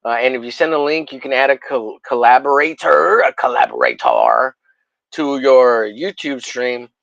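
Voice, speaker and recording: A man's voice: mid-range voice, big pitch swings, moderate pace, gravelly, a bit bright, no echo, muffled recording. A man hosting a livestream in casual chat, rambling and swearing, with mock-angry jokes. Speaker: livestream host.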